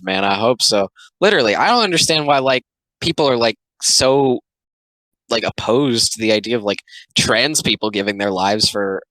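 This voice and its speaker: Young guy riffing sarcastic commentary, low-ish bright voice, super dry close mic. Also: dry recording, rough recording. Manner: rambling, sarcastic, many filler likes. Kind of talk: casual reaction commentary.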